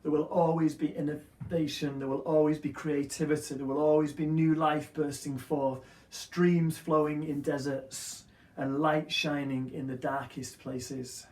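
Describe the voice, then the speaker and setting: A man's voice: fairly high pitch, flat delivery, a little slow, darkish tone, echoey room, far from the mic. A man preaching an Easter sermon with earnest, rhythmic repeated phrases. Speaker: pastor.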